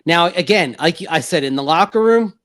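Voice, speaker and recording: A man co-hosting a sports talk radio show, talking in an animated, rambling way with frequent restarts. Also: a little high, moderate pace, dry recording.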